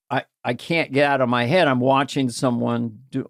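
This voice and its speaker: An older man co-hosting a podcast, chatting casually and playfully, often slipping into quick impressions. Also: medium pitch, fairly even intonation, a bit bright, no room sound, studio quality. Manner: playful, jokey, drops into impressions. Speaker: podcast co-host. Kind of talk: casual comedy chat.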